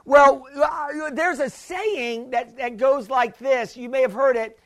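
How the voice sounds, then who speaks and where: A man's voice: very high-pitched, slow pace, a bit bright. A male pastor preaching a sermon, emphatic and repetitive, often calling out for an amen.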